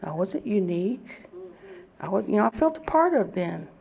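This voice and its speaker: A woman giving an animated personal testimony at a recovery meeting, laughing often as she tells it. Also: mid-range voice, moderate pace, gravelly. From Oklahoma.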